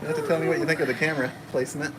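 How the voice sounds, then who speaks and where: Male stream host, casual and friendly-fast, slightly raised pitch, faint room noise. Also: steady tone. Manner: chatty, greets viewers by name; talks fast. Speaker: livestream host. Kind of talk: casual live stream chat. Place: home kitchen.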